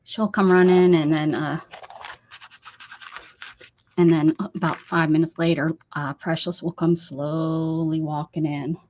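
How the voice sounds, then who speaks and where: A woman's voice: low-pitched, little pitch movement, measured pace, long pauses. A woman hosting a casual livestream from her craft room, calling to her pets in coaxing baby talk and sometimes dropping to a whisper. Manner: sing-song coaxing baby talk to cats, with soft whispers. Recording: dull lo-fi livestream audio with faint noise.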